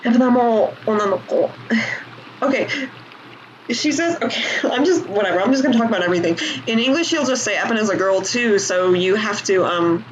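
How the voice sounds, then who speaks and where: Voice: mid-range voice, lively intonation, fairly quick, a crowd in the background, poor audio. A vlogger casually explaining language points while playing a game, rambling and correcting themself often. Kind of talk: casual commentary with language teaching. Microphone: desk mic while playing, no camera. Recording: game music loud under voice.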